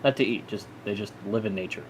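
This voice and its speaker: A man's voice: on the low side, quick pace, slight background noise, voice pushed down, natural voice. A man voicing an awkward uncle who hesitates and stumbles with fillers as he hands over a gift. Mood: fumbling, sheepish.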